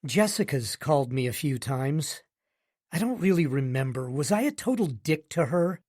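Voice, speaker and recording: A man's voice: on the high side, expressive, normal speed, a little mellow, no echo, studio quality. A male narrator voicing a sarcastic adult brother who sounds suspicious and guarded. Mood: subdued. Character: sardonic adult brother in recovery.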